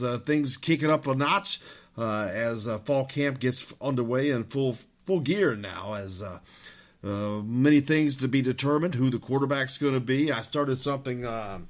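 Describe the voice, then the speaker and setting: A man hosting a sports radio show in a studio, talking in an easygoing, rambling way with frequent pauses to regroup. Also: mid-range voice, fairly bright tone. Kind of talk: casual radio talk.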